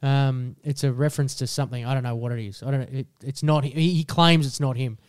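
A young Australian man co-hosting a casual podcast, swearing freely and ranting in an animated way. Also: mid-range voice, fast talker, clean tone, no echo, clean studio sound. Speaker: podcast co-host.

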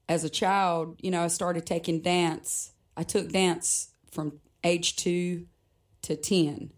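A woman's voice: on the low side, darkish tone. A woman guest, a musician, telling a personal story in conversation, reflective and often laughing between sentences.

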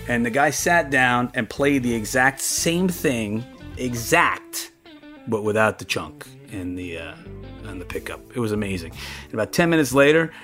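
A man casually recounting a story from his past, lively and acting out other people's voices. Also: medium pitch, normal speed, faint music behind. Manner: animated, acts out the voices of others in his anecdotes. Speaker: interviewee recounting his studio career.

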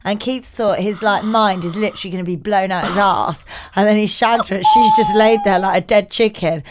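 Woman on a podcast, cheeky and crude, mid pitch, reads texts out flat. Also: fairly quick, very noisy. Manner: bawdy, playful, reads messages aloud deadpan. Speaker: podcast co-host. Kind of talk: casual comedic chat.

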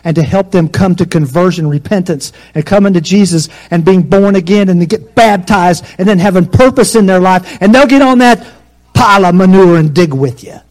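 Dynamic preaching man, swinging loud and soft. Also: a little fast. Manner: dynamic preaching, swinging between loud emphatic peaks and soft low asides. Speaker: pastor. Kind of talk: sermon.

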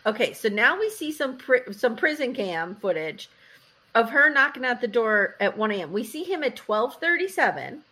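This woman recaps a reality show on a casual podcast, telling it as a lively story. She acts out the quotes and says "like" a lot. Her voice sits a bit high. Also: moderate pace. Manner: animated storytelling, acting out quotes, frequent "like". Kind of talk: casual chat.

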